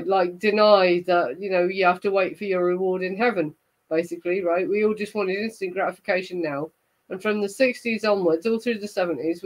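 A tipsy woman on a casual livestream, ranting in rambling bursts and swearing freely. Her voice sits at a middle pitch and sounds close and dry, with no room around it. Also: no echo, low-quality recording. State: tipsy from gin. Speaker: host of a true crime livestream. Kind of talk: casual livestream chat, responding to viewers.

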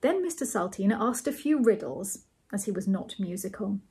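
A woman reading a novel aloud as a storyteller, measured and gently amused. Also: mid-range voice, animated, husky.

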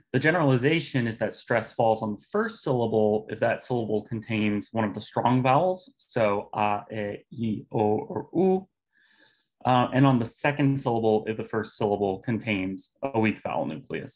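A man giving an academic linguistics talk over a video call, explaining step by step with pauses and fillers. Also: fairly low pitch. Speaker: linguistics presenter.

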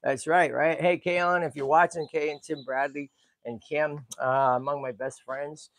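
A middle-aged man from the Boston area, hosting a tortoise sanctuary vlog in an excitable, chatty way and talking to animals and viewers as he walks. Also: fairly high pitch, moderate pace, dry recording. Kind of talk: casual walk-and-talk vlog.

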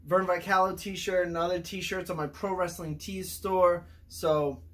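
An excitable man reviewing fast food straight to camera, chatting between bites with his mouth still half full. His voice sits a little higher than most men's. He talks loosely and jokes with the food. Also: slight background noise. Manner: excitable, talks while chewing. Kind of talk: casual food review vlog.

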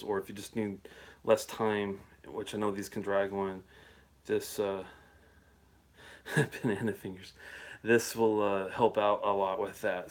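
A middle-aged man with a fairly low voice chats loosely through a live stream. He rambles, restarts and chuckles between thoughts, speaking into a phone-style device. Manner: rambling and chatty, with frequent fillers and chuckles. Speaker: whisky reviewer hosting a live show. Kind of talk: casual live-stream chat. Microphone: phone or handheld device he plugs in and holsters.

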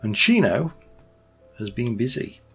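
A man's voice: mid-range voice, sing-song, a little slow, a bit bright, breathy edge, soft background music. A man rambling casually as he plays a game, thinking aloud and correcting himself. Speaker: Minecraft let's play host. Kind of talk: casual gameplay commentary.

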